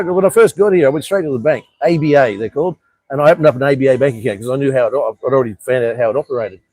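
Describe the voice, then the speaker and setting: A man chats loosely on a live stream, cracking jokes and swearing without a second thought. His voice has a husky edge, and he rambles in an easygoing, slangy way. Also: medium pitch, darkish tone, dry recording. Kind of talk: casual live stream chat. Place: living overseas in Cambodia.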